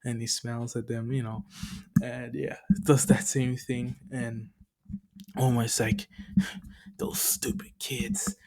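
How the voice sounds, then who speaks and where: A man's voice: mid-range voice, level tone, unhurried, vocal fry, darkish tone. A man casually recapping a fan story as a channel host, rambling with many fillers and laughing at himself.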